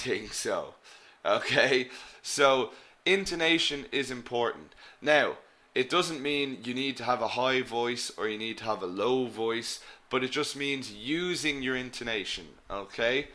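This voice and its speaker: A man's voice: mid-range voice, sharp tone. A man teaching an English webinar, stressing each example phrase and calling his learners "guys". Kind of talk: live webinar lesson.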